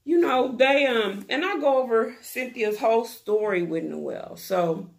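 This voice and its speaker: Woman vlogger for a TV recap, gossipy and slangy, unhurried delivery with a gravelly fry. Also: fairly high pitch, expressive. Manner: chatty, gossipy, slangy storytelling. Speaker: YouTube TV recap host. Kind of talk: casual reality-TV recap chat.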